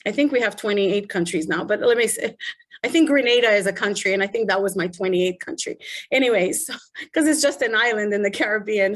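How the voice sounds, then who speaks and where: A middle-aged woman coaching public speakers in an online presentation, telling stories animatedly and asking rhetorical questions. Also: a little high.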